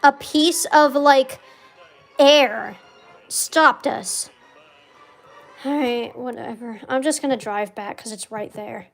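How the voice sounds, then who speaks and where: Faint music plays behind a young female gaming streamer whose high voice is slow and creaky, with long pauses. She comments casually on her gameplay, mostly muttering quietly to herself. When she fails, she swears and rants.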